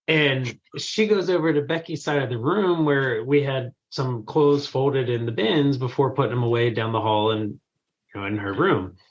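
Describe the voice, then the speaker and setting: A man's voice: medium pitch, dull audio. A middle-aged man, a guest on a talk show, telling a funny family story and laughing as he goes. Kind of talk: casual storytelling.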